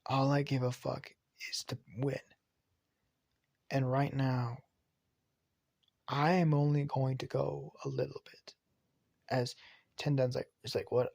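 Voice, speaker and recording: A man casually retelling an anime fan story, rambling and excitable, swearing and restarting often. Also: mid-range voice, gravelly, no room sound, studio quality.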